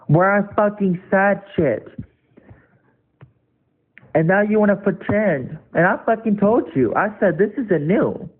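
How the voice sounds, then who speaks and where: A young man telling the story of an online dispute in an angry, profane, rapid rant. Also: high-pitched, husky. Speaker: online debater. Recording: tinny phone-like audio.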